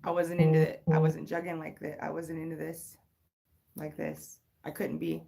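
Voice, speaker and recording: Gravelly, rambling woman storyteller. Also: deep voice, monotone, normal speed, mellow, slight background noise. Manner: candid, rambling, profane, with frequent restarts. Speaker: livestream host. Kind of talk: casual storytelling livestream.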